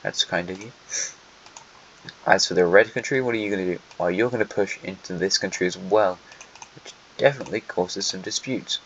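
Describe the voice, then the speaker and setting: A man with a lowish voice gives casual alternate history map commentary, tossing dry jokes at the countries as he goes. The recording sounds a little dull and lo-fi, with a faint hiss and some quiet typing behind him. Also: moderate pace. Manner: dry, joking asides that address countries directly.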